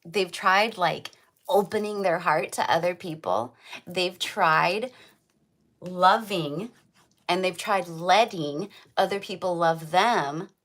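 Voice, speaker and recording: A woman gives a casual tarot reading to camera, chatty and rambling, filling her talk with "like" and "right?". Her voice is fairly low in pitch with a fairly bright tone.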